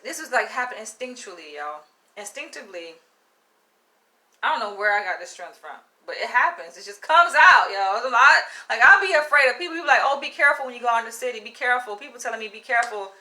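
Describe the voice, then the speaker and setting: Animated, swearing young woman storyteller. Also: on the high side. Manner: animated, swears constantly, says "yo" and "like". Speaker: vlogger. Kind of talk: casual storytelling to camera.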